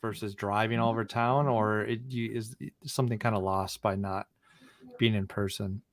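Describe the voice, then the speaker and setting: A man's voice: on the low side, fairly even intonation, moderate pace, no room sound, studio quality. A man hosting a casual interview, asking curious follow-up questions and laughing often. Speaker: podcast host.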